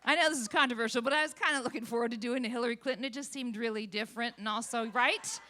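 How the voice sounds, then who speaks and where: A woman doing stand-up in a comedy club, with a high voice that cuts through. Her delivery is brash and bawdy, with a teasing edge aimed at the crowd. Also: fast, bright, forceful tone, a little hiss or hum.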